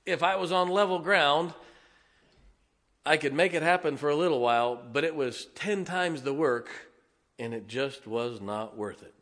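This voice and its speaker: A man preaching, telling a folksy, animated, self-mocking story from the pulpit. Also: a little high, moderate pace. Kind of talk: storytelling sermon. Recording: long reverb of a large hall.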